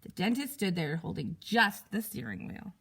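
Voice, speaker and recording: A teacher reading a picture book aloud to young pupils, expressive and animated. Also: female voice, medium pitch, moderate pace, creaky, slight background noise.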